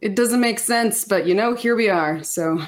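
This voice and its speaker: A woman with an ordinary mid-pitched voice plays her character in a tabletop role-play. She answers in a hesitant, evasive way, restarting and trailing off her sentences. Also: normal speed. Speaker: player.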